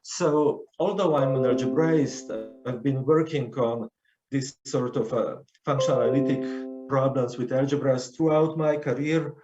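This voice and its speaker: Man, conference lecture, halting with restarts, roomy sound, dull lo-fi recording. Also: medium pitch, music in the background. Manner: hesitant, many fillers and restarts. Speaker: conference speaker. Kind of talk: academic lecture.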